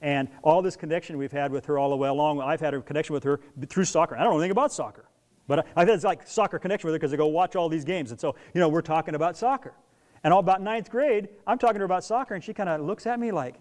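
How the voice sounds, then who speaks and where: A man's voice: high voice, rapid-fire. A middle-aged man giving a talk to an audience, telling stories and acting out scenes as he goes. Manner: animated storyteller who acts out scenes. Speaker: speaker on parenting young athletes.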